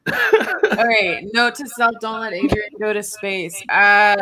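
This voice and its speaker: A woman's voice: medium pitch, animated, takes it slowly, background noise. A woman co-hosting a podcast, chatting casually, asking questions and steering the topics. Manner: quizzical, chatty, brings up topics. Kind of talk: casual chat.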